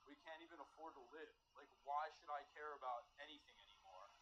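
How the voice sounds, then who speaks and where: Man, young adult, frustrated rant, slightly high pitch, faint background noise. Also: a little fast, bright, forceful tone, rough recording. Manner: frustrated, disillusioned ranting. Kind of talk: venting monologue clip.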